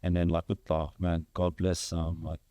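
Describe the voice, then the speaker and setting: A young man with a very low, dark voice, talking as a guest in a casual podcast conversation. He rambles and fills his sentences with "like" and "you know". The sound is close and dry, with no room around it. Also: completely flat delivery, normal speed, no echo. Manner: rambling, heavy use of "like" fillers. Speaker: guest, father of three.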